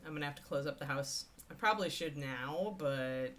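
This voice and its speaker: Here the painting-stream host speaks in a low-pitched, slightly bright voice at a fairly quick clip. She keeps up a chatty, rambling flow aimed at her viewers, the chat, and her dog while painting miniatures on the livestream.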